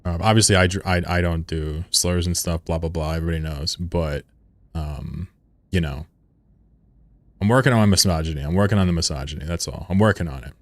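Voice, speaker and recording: A man's voice: sits low, fairly quick, no room sound. A man streaming a game, chatting casually with his audience in a rambling, profane way and chuckling often. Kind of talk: casual live-stream commentary.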